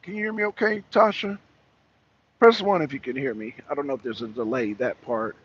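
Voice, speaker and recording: On a casual political talk show, a man with a husky, mid-range voice speaks fairly quickly and emphatically with a caller. He repeats himself and keeps restarting sentences. The recording is dull and lo-fi, without room sound.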